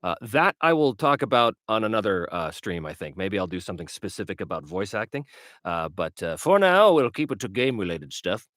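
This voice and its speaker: A male livestream host and game master chats casually and fields viewer questions, using plenty of fillers. His voice is low, animated, fairly quick and a bit bright, recorded on a webcam livestream setup with clean studio sound and no echo.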